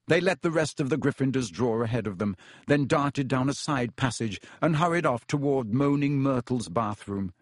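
A man's voice: mid-range voice, expressive, dry recording. Man narrating an audiobook, dry sound. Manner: measured storytelling. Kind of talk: scripted narration.

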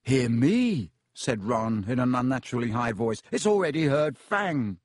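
Storybook teen boy wizard, nervy, pitch leaps up, read by a man. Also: a little slow, no echo, studio quality. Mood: panicky. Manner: high voice when excited. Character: anxious teenage boy wizard, jumpy, then overjoyed.

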